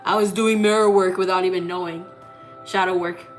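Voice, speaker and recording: A woman's voice: lowish voice, steady tone, fairly quick, soft background music. A woman who reads tarot as a psychic, telling a personal story in a casual, blunt way, swearing freely and using many fillers. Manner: blunt, profane, full of fillers.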